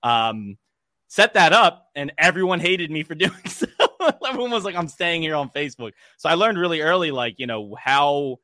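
This young man talks in a bright, forward voice, telling stories casually with plenty of fillers and little laughs. The sound is dry and close, with no room around him. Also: fairly high pitch, no room sound. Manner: animated storyteller, quick laughs, many fillers. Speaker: guest, developer experience engineer. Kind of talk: casual podcast chat.

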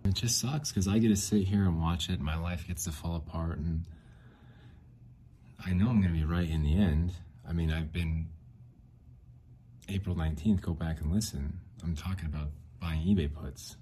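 A man's voice: deep voice, steady tone, moderate pace, warm tone, slight background noise. A man hosting a casual solo podcast, rambling and frustrated, swearing often. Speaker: podcast host.

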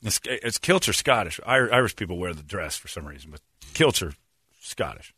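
Teasing radio host. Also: male voice, deep voice, very animated, moderate pace, pushed and bright, slightly rough, dry recording, studio quality. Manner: joking, teasing storyteller. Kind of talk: casual studio banter.

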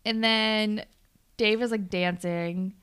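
A woman's voice: medium pitch, fairly even intonation, slow, a bit bright, clean tone. A woman chatting casually as a podcast co-host, recapping a show and mimicking characters.

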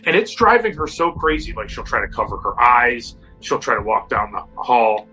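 A man's voice: medium pitch, normal speed, slightly rough, faint music behind, rough recording. A man casually telling a spooky story, acting out the people in it. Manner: animated, acts out quotes. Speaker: guest storyteller.

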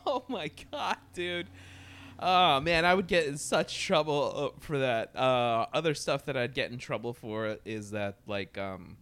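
A man chatting casually as a podcast co-host, animated, swearing often and humming sound effects. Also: mid-range voice, a little slow, smooth. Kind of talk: casual chat.

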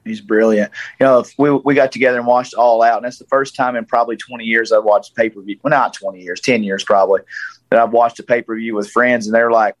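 A man's voice: mid-range voice, fairly even intonation, fast talker, dry recording, low-quality recording. A man in his forties from Tennessee with a Southern accent, telling a story in casual chat and acting out the voices he quotes. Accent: Southern American. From Tennessee, USA.

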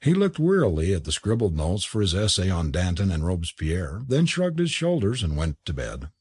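Sex: male. Role: audiobook narrator. Pitch: lively, melodic. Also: normal speed, slightly rough, no room sound. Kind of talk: storybook narration.

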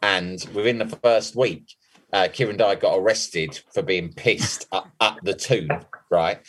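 A man's voice: low voice, a little slow, a bit bright. A man co-hosting a football podcast, telling a story in a casual, laughing way and swearing freely. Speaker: podcast co-host. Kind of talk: casual chat, telling an anecdote.

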